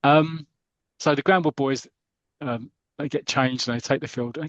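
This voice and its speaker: A man's voice: medium pitch, fairly even intonation, moderate pace, dry recording, highs cut off. A man casually retelling a comic story, laughing often and acting out quotes. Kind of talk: casual chat, retelling with put-on voices.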